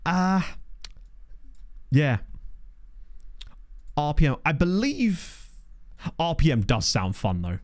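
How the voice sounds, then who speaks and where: A man talking through his game session in a chatty, think-aloud way, with a lively, bouncing pitch. His voice is dry and close, with no room sound. He throws in jokey asides as he goes. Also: slow, pauses often, no room sound. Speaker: gaming YouTuber. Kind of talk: casual let's play commentary. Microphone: desk microphone.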